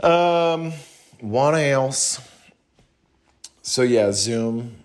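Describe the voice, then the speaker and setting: Slow, meandering young man chatting. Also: medium pitch, expressive. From American South. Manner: slow, meandering, many pauses and restarts; talking in a put-on different voice today. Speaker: vlogger talking to viewers. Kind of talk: casual rambling livestream chat.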